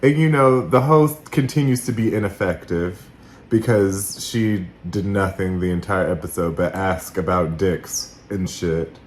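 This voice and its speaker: A man's voice: low-pitched, unhurried, a little hiss or hum. A man in his thirties co-hosting a casual recap podcast, telling stories with laughs and quoted asides. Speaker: podcast co-host.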